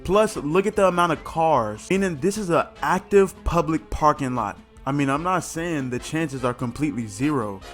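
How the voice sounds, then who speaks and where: A man's voice: a little high, fairly bright tone. Blunt, mocking male reaction commentator. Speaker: reaction video host.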